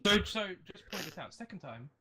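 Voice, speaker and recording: A man's voice: high-pitched, sing-song, fairly quick, bright, forceful tone. A man co-hosting a podcast, arguing his point in an indignant, insistent way. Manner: indignant, argumentative, driving his point home. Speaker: podcast co-host. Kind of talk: casual chat.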